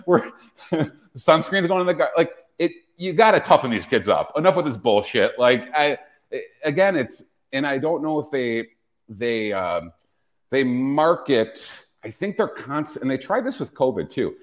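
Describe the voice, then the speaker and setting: A man's voice: fairly high pitch, expressive, measured pace. A man hosting a casual podcast, ranting with profanity and frequent restarts. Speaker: podcast host.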